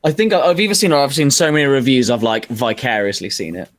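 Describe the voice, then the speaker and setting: A man's voice: medium pitch, fast. A man co-hosting a casual podcast over a video call, making wry, blunt remarks. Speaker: podcast co-host. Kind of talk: casual chat.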